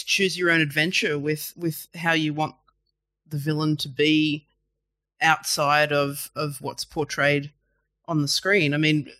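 Higher-voiced man, dry sound. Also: no echo. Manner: animated, repeats words when thinking. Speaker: podcast co-host. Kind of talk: casual film chat.

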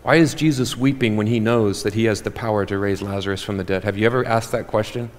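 A man preaching a sermon as pastor, animated and joking with the congregation. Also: on the low side, fast. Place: church hall. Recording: reverberant church hall.

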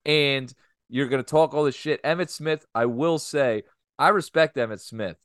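A man's voice: medium pitch, normal speed, fairly bright tone, clean tone, no echo, clean studio sound. A man co-hosting a casual podcast, telling a heated story with lots of swearing. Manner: heated, profane anecdote telling. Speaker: podcast co-host.

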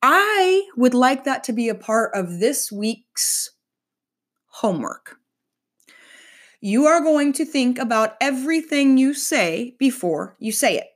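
A middle-aged woman giving a casual spiritual teaching talk, chatty and animated, with playful asides. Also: sits high, a little slow, hardly any pauses.

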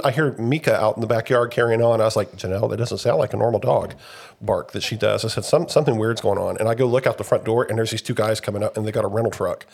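Young male podcast co-host, slightly hoarse after illness, rambling and chatty. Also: on the low side, quick pace. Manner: rambling storyteller, animated when retelling events. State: recovering from covid, slightly hoarse. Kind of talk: casual chat.

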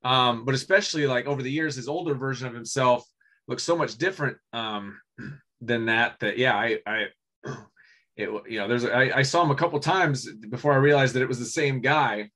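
A man co-hosting a casual movie podcast, rambling with many restarts and frequent throat clearing. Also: mid-range voice, normal speed, bright, forceful tone. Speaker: podcast co-host. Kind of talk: casual chat about movies.

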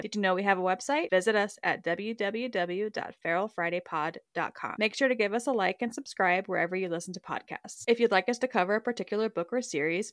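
A woman's voice: mid-range voice, a bit bright, no room sound, clean studio sound. A woman co-hosting a casual podcast who laughs easily, here reading the show's closing lines. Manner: laughs easily, brief replies. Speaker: podcast co-host. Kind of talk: casual chat and scripted outro.

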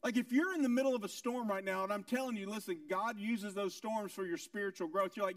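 High-voiced man preaching a sermon, emphatic. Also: quick pace, few pauses, no echo, studio quality, far from the mic. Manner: emphatic preaching with rhetorical questions and repetition; swings between loud high lines and quiet low ones. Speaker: pastor.

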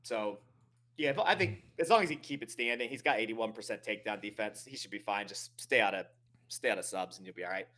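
A man co-hosting a fight-picks show, talking hesitantly with many pauses and fillers. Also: on the low side, pushed and bright. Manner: hesitant, full of ums. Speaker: regular co-host. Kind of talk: casual betting chat.

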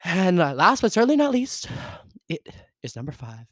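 A young man in his twenties with a Southern US accent hosts a casual solo podcast, rambling in an upbeat way with lots of fillers, laughs and theatrical jumps in pitch. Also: huge pitch swings, normal speed, a bit bright, no room sound. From American South. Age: 20s. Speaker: podcast host.

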